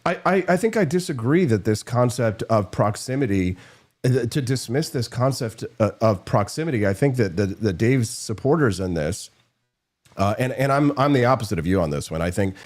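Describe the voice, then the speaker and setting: A man hosting a casual political talk show, opinionated and animated, trading views with a co-host. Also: medium pitch, normal speed. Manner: opinionated, animated, mocking impressions.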